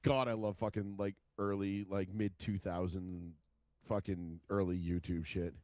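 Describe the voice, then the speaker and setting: A man's voice: low-pitched, little pitch movement, unhurried, darkish tone, no room sound. A man co-hosting a podcast in casual, profane chat, swearing constantly and laughing at his own stories. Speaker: podcast co-host.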